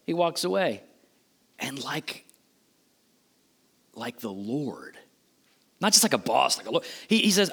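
A man preaching a sermon, telling a story with animated, changing delivery and acted-out quotes. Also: on the high side, measured pace, long pauses, slightly rough. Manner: animated storytelling, voices quotes, sudden loud and soft swings.

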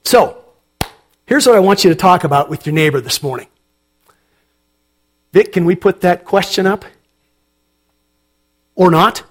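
A man preaching as a pastor, reading scripture aloud and then asking his congregation questions in an unhurried, conversational way. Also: high voice, expressive. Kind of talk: sermon.

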